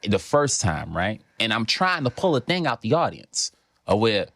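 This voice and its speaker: A man's voice: fairly low pitch, very animated, moderate pace, creaky, bright, forceful tone, no echo. A young man with a New York accent, a comedian guest on a podcast who speaks in an emphatic, profane way. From New York City. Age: young adult. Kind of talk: casual podcast chat.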